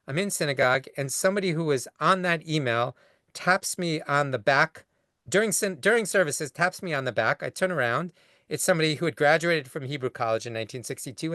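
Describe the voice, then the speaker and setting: A man's voice: fairly high pitch, sharp tone, no echo, studio quality. Rambling male lecturer on a video call. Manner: long-winded, rambling with restarts. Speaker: rabbi and lecturer. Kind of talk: conversational lecture answering a question.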